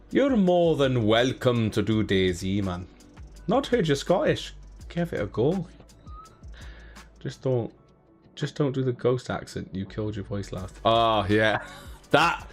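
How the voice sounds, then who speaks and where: A young man hosts a live prize draw, loose and chatty, tossing out jokes between numbers. His voice sits at an ordinary middle pitch. Soft music plays quietly underneath. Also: unhurried. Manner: chatty and playful, cracking jokes and counting down. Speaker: giveaway live draw host. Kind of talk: casual live-stream chat.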